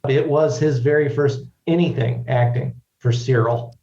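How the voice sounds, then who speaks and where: A man guesting on a podcast, chatting casually in an easygoing, measured way. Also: medium pitch, fairly even intonation, creaky, dark tone, echoey room, dull audio. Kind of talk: casual chat.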